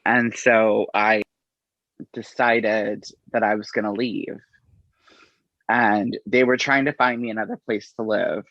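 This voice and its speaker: Gravelly-voiced man telling his story. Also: on the low side, fairly even intonation, no echo. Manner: unhurried, halting, acts out quoted exchanges. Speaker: interview guest. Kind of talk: conversational storytelling. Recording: dull, slightly lo-fi audio.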